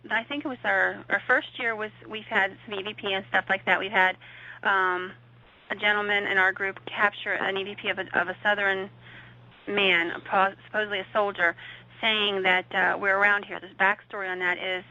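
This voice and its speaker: A woman's voice: medium pitch, little pitch movement, moderate pace, bright, forceful tone. A woman guest recounting a paranormal investigation in conversation, with vivid, suspenseful storytelling. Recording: dull lo-fi audio.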